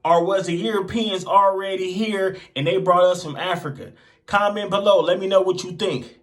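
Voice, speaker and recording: A man's voice: sits high, steady tone, normal speed. A man hosting a video commentary channel, casual and playful, stretching out his hype lines. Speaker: host.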